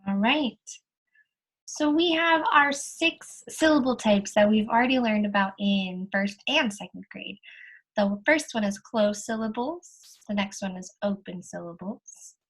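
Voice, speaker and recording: A woman's voice: medium pitch, rough recording. A woman teacher patiently walking students through their worksheet answers step by step, recorded while sharing her screen. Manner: slow, patient, explaining step by step. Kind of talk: recorded lesson walkthrough. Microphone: screen-share recording.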